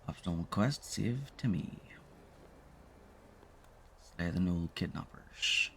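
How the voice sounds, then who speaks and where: A man's voice: low voice, animated, slow, pauses often, a bit bright, slight background noise. A man streaming, reading a game's script and quest notes aloud in a plain, matter-of-fact way.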